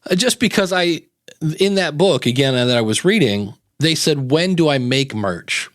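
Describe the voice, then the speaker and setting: A man's voice: fairly high pitch, lively intonation, normal speed, a bit bright, dry recording, clean studio sound. Chatty enthusiastic male podcast host. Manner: chatty, enthusiastic, tells little stories. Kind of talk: casual chat. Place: live-streamed podcast.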